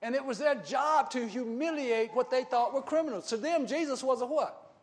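A male preacher giving a sermon, often asking the congregation short questions and moving between loud shouting and quiet, low talk. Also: moderate pace.

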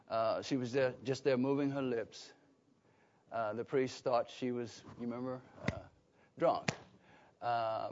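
A man's voice: mid-range voice, a little mellow. A man preaching a sermon, emphatic and conversational, often asking the listeners questions. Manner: emphatic, asks the congregation questions. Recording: dull lo-fi recording.

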